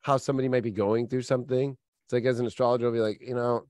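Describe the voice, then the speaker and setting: A man's voice: mid-range voice, steady tone, rapid-fire, a little mellow, no echo. A man who works as an astrologer, telling stories in a casual podcast chat, rambling with lots of fillers. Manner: rambling, filler-heavy storytelling. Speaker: astrologer guest.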